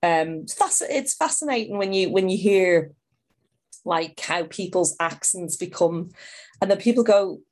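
A middle-aged woman with a Dublin Irish accent that has picked up a Liverpool tinge, talking in a relaxed interview. She tells stories in a lively, conversational way, slipping into other people's voices and often restarting her sentences. Her voice sits a little low for a woman. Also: unhurried. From born in England, raised in Dublin. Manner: animated, acts out voices in her anecdotes, frequent restarts. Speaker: interview guest. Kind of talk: conversational storytelling.

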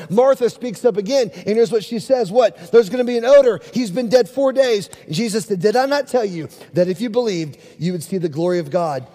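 High-voiced pastor preaching in a reverberant hall. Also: male voice, mellow. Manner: earnest, emphatic preaching that calls out to the congregation. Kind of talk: sermon. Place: church sanctuary.

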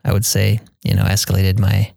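A young man talking casually as an interview guest about his mission, hesitant, with many pauses and fillers. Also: on the low side, completely flat delivery, creaky, no echo. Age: young adult. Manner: soft-spoken, hesitant with many ums, quotes people in a raised voice.

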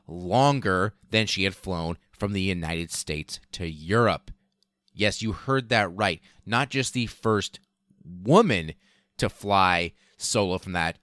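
A man hosting a podcast, telling history casually, swearing for emphasis and speeding up and slowing down. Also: on the low side, a bit bright, clean tone, no room sound, studio quality. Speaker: podcast host.

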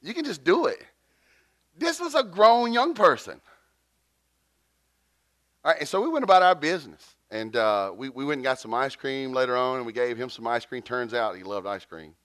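A man, preaching a sermon and telling a story with lively jumps in pitch. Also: fast, few pauses, clean tone, no room sound. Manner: animated, jumps to high pitch for quotes. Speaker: pastor.

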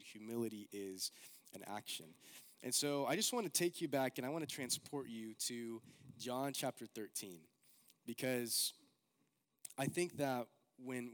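Young guy preaching, chatty and earnest, lots of likes, mid pitch. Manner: casual, earnest, heavy use of like. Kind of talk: sermon.

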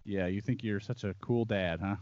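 A man's voice: fairly low pitch, fairly even intonation, moderate pace, muffled recording, noisy background. A man co-hosting a casual podcast, making wry teasing jokes. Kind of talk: casual chat.

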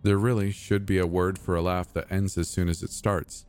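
A man narrating a scripted horror story in a soft, measured, even reading. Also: deep voice. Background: faint music.

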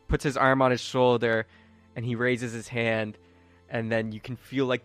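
Man running a tabletop game, casual narration, bright voice, dry close mic. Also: mid-range voice, no room sound. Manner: casual, chatty narration with fillers. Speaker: game master.

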